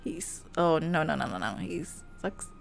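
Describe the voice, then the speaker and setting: A woman streamer reading a romance game aloud, animated and playful, often breaking off to joke with her viewers. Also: low voice, unhurried, creaky, soft background music. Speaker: VTuber streamer.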